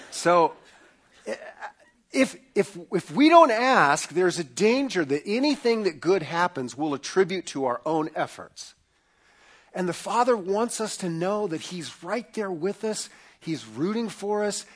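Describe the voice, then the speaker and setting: A man preaching a sermon in an earnest manner, his voice sitting somewhat high for a man. He repeats words as he builds toward each point. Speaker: pastor.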